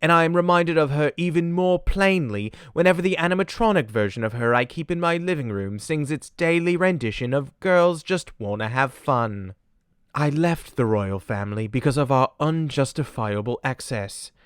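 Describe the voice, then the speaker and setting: Clueless young royal narrating his memoir , a man putting it on, put-on English accent, solemn and deadpan, smooth voice, dry studio sound. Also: on the high side, normal speed, no echo, close to an everyday voice. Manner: solemn, deadpan delivery of absurd confessions. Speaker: comedian. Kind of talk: parody audiobook narration.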